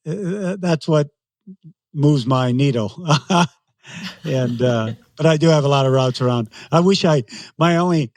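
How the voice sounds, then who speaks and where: A man in his sixties, a race announcer appearing as an interview guest, tells stories animatedly and laughs often. His mid-range voice is a little mellow, and the recording is dry. The talk is casual interview storytelling.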